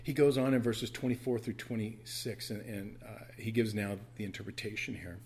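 A man's voice: on the low side, steady tone, normal speed, darkish tone, a little hiss or hum. A man preaching an earnest, tender sermon in a church as the pastor.

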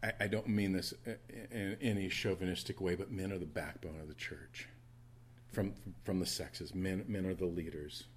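A male pastor delivering a sermon in a church, telling a Bible story with animated asides and quick character voices. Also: sits low, a little hiss or hum.

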